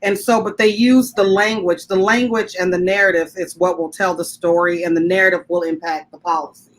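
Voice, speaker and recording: A woman guest activist on a video call, speaking in an articulate, reasoned and measured way. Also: lowish voice, fairly even intonation. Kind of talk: discussion.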